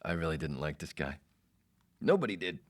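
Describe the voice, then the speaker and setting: A man's voice: a bass voice, very animated, fairly quick. A man hosting a podcast, telling a rambling, profane story in a casual way. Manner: rambling, profane, self-interrupting. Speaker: podcast host.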